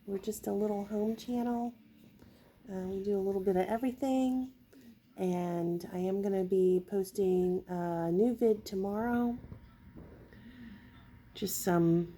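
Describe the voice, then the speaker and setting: Woman host of a small home channel; unhurried, warm-dark gravelly voice, faint room noise behind. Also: medium pitch. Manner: soft, coaxing, slow-paced talk. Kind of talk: casual vlog talking to kittens. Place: home, indoors.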